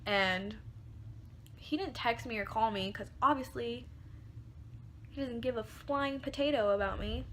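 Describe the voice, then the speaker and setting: A woman's voice: fairly high pitch, a little slow, long pauses, fairly bright tone, slight background noise. A young woman telling a personal story to her viewers in a chatty way, full of fillers and casual swearing. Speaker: beauty vlogger. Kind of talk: storytime vlog.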